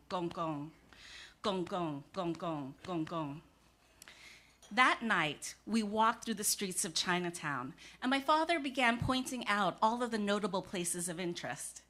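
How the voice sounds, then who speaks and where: A woman's voice: medium pitch, a bit bright. Woman telling a personal story on stage. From United States. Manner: reflective, measured, dramatic pauses.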